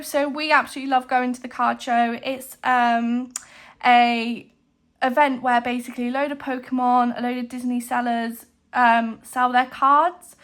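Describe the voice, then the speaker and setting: A young woman with a high, light voice chats to her camera in a casual vlog. She rambles happily, fills gaps with "um" and breaks off for quick asides. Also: a bit bright. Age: 20s. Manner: chatty, rambling, many "um"s, frequent asides. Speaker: cash stuffing vlogger.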